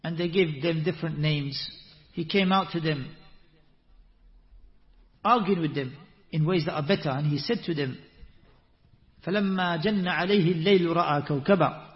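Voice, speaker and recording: A man with a high voice teaches a religious lesson, breaking into quick Quran recitation and posing rising rhetorical questions. His voice carries a long echo through a hall, and the sound is muffled and lo-fi. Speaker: Islamic teacher.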